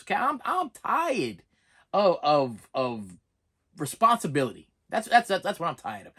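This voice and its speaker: Fast-talking ranting man. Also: high voice, a bit bright. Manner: exasperated ranting, stumbling restarts. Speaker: vlogger. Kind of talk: comedic rant and unboxing vlog.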